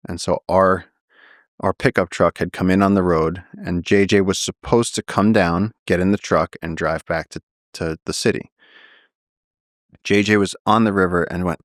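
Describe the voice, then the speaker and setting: Speaking in a low, steady voice at a moderate pace, this naturalist podcast guest tells a vivid story within a long-form interview and performs the quoted lines. The recording is dry and of studio quality.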